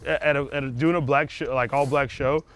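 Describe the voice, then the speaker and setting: A man, a comedian, chatting casually outdoors on a street, animated and profane, acting out the people he quotes. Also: medium pitch, brisk, clear, resonant tone. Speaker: comedian guest. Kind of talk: casual chat.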